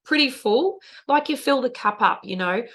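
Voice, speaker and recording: A woman's voice: high-pitched, animated, normal speed, fairly bright tone. A middle-aged woman, co-hosting a casual podcast chat, talking earnestly and emotionally about parenting. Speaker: podcast co-host.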